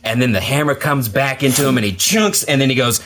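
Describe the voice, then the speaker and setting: A man with a bright, tense voice recounts a scene in a casual chat. He acts out his own reactions as he goes. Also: mid-range voice, a little fast. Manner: animated storytelling, acts out reactions.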